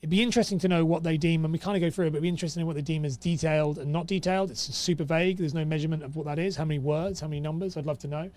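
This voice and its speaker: A man's voice: on the high side, fairly even intonation, rapid-fire, few pauses, darkish tone. A young man hosting a casual commentary, reading rules aloud and reacting with exasperated sarcasm. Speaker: host.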